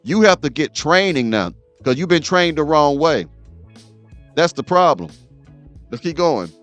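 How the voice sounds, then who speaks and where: A show host with a slightly high, slightly bright voice speaks in a sing-song way at a slightly unhurried pace over soft background music, with no echo. He reacts to a clip while lecturing his audience, repeating "okay?" to hammer home each point.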